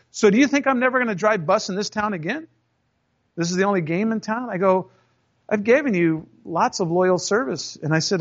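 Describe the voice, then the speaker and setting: A man with a high voice tells a personal story in a loose, conversational way, and he plays out both sides of each argument. His voice jumps up when he voices his own retorts. The recording sounds dull and lo-fi. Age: 30s or older. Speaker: storyteller recounting a job.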